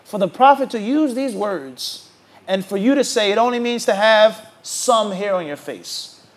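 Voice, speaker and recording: A man teaching a religious class, emphatic and animated, who keeps asking his listeners rhetorical questions and waits for them to answer. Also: sits high, measured pace. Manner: rhetorical questions asked to the audience. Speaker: Islamic teacher.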